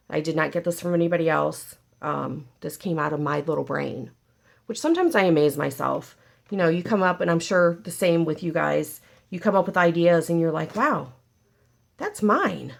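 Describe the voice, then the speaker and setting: Gravelly woman chatting through a craft tutorial. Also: low-pitched. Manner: chatty, jokey, talks to viewers while working.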